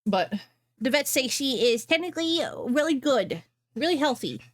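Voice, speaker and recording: A woman's voice: high-pitched, sing-song, fairly quick, no room sound, studio quality. A woman streamer chatting casually to her viewers from her home office, bubbly, rambling and self-deprecating. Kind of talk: casual live-stream chat.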